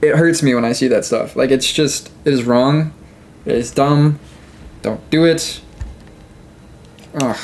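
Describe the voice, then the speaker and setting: A man's voice: medium pitch, measured pace, pauses often, a little mellow, a little hiss or hum. A young man ranting casually to his viewers, full of fillers, restarts and laughing asides. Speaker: gaming video creator. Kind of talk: casual rant to camera.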